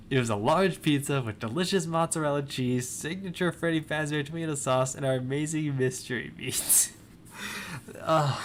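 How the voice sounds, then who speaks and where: A man's voice: on the high side, slight background noise. A young man reading his old fan fiction aloud and breaking off with self-mocking laughter and commentary. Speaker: reader.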